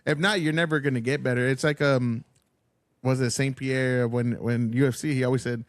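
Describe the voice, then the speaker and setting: A man's voice: medium pitch, steady tone, moderate pace, no room sound. A man hosting a podcast, chatting loosely, swearing freely and encouraging his guest. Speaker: podcast host. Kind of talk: casual podcast chat.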